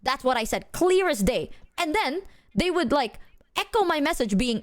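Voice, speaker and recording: A young woman chats on stream in a slightly high voice, rambling through her stories. She swears freely and keeps breaking into laughter. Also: big pitch swings, moderate pace, a little hiss or hum. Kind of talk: casual chat.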